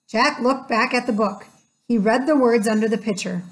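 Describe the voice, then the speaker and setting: A woman narrating a children's chapter book aloud, expressive and doing voices for the characters. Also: on the high side, moderate pace. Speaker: audiobook narrator.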